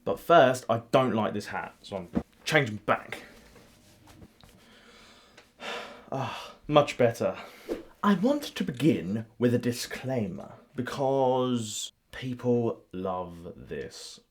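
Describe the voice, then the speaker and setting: A man's voice: mid-range voice, expressive, takes it slowly, long pauses. A man reviewing a book, slipping from a hammy skit into casual talk. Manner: theatrical, mock-villainous delivery.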